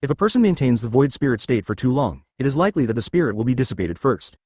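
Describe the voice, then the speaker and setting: Calm, knowledgeable fantasy companion, read by a man, matter-of-fact explaining, quick pace, dry studio sound. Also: mid-range voice, no room sound.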